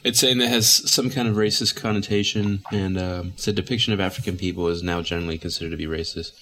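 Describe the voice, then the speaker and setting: Deep, bright-toned man reading search results. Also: steady tone, quick pace. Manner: brief agreeing interjections, reads from a search. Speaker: podcast co-host. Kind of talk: casual chat.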